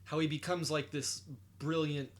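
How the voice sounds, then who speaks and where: A man's voice: on the high side, flat delivery, normal speed. A young man in casual podcast chat, rambling and profane, with lots of fillers. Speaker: podcast co-host.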